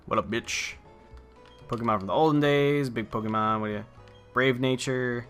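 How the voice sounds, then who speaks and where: A young man plays a video game and gives casual, rambling commentary, swearing offhandedly. His mid-range voice is fairly bright and a little fast, with soft music in the background.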